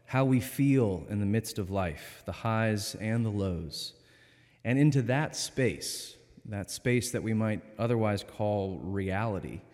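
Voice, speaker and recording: A man preaching a sermon in a church, speaking in a measured, earnest and gentle way. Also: on the low side. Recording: long reverb of a church.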